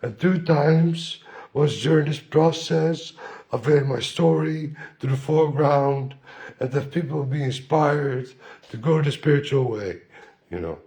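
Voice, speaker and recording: A man's voice: fairly high pitch, measured pace, gravelly, dark tone. A man speaking a rambling spiritual monologue to the camera, repeating himself and questioning himself aloud. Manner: rambling, repetitive, self-questioning.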